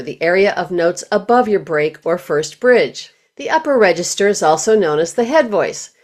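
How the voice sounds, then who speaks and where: A woman with a slightly low voice narrates a singing lesson in a clear, measured way. She explains each step carefully, as if reading a prepared script. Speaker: voice teacher.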